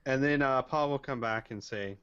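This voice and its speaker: A man narrating a tabletop role-playing game as game master, speaking in a slow, measured way and voicing characters. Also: mid-range voice, fairly bright tone, smooth. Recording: muffled lo-fi voice chat.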